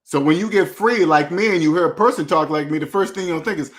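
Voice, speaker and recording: A man delivers a casual monologue as a finance channel host, with a fairly high-pitched voice. He talks bluntly in loose street slang and preaches at the viewer. He hammers his points by repeating the same phrases again and again. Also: expressive, a little fast, hardly any pauses, fairly bright tone.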